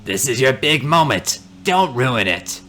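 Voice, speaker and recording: A man's voice: mid-range voice, sing-song, unhurried, a bit bright. A man voicing a blind, cranky old man in a wheelchair who growls insults at his son in a scratchy voice. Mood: scolding.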